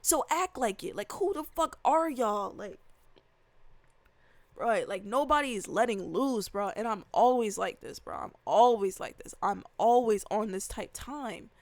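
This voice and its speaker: A woman's voice: medium pitch, lively intonation, a little slow, a little mellow, no echo. A woman, ranting casually with lots of profanity, slang and emphatic repetition. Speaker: vlogger reacting to a video. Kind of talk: casual rant.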